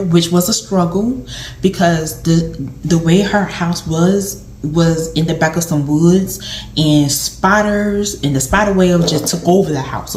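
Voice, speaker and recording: A woman's voice: on the low side, darkish tone. Woman rambling casually in an echoey room. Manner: rambling and conversational, with many fillers. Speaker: vlogger and former home health aide. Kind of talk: casual storytelling vlog. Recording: roomy echo.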